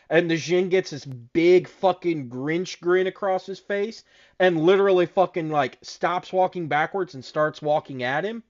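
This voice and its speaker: A man co-hosting a casual chat show, telling stories in a profane, animated way. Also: fairly high pitch, moderate pace, highs cut off. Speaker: podcast co-host.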